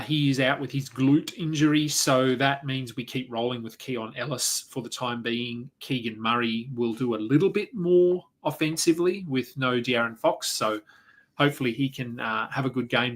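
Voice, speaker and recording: A man's voice: medium pitch, a bit bright. Man hosting a solo fantasy basketball podcast. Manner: conversational, thinks aloud with fillers and self-corrections.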